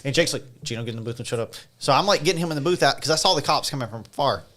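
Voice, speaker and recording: A man hosting a casual podcast chat, telling a story in an animated way with lots of laughing and filler words. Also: medium pitch, racing. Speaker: podcast host and stunt rider.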